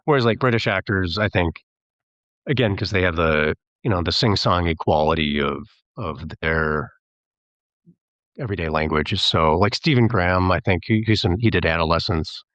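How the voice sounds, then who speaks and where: Brief: very deep male voice, talkative filmmaker guest, dry dull lo-fi sound. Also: moderate pace, a bit bright, dry recording. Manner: chatty, rambling, slips into mimicking voices when quoting. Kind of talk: casual podcast interview.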